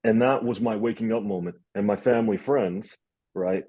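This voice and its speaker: A young man hosting a casual interview, telling stories in a rambling, animated way. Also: lowish voice, normal speed, phone-quality sound. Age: young adult. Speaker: host.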